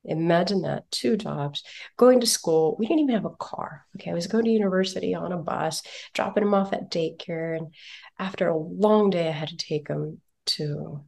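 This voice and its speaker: Gravelly, animated woman telling stories. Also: lowish voice, normal speed. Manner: animated storyteller, acts out quotes. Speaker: parenting guest. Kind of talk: casual podcast conversation.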